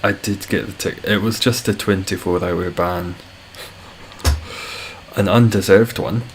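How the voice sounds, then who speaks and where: A man's voice: low-pitched, flat delivery, normal speed, background noise. A Scottish man chatting casually with viewers on a live stream, laid-back and swearing freely as he reads the chat. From Scotland.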